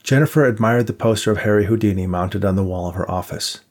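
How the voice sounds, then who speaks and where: A man narrating an audiobook in a measured, even way. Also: lowish voice. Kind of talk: scripted narration.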